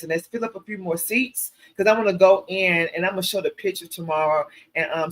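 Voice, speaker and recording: A woman hosting a casual livestream Q&A, telling stories in an animated, preachy way and calling her viewers y'all. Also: on the low side. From American South. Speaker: show host.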